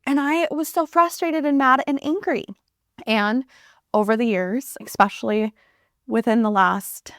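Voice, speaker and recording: A woman in her thirties hosting a reflective solo podcast, speaking earnestly and warmly about her life with gentle laughs. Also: mid-range voice, no room sound, clean studio sound. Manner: earnest and heartfelt, with soft laughs. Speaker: podcast host.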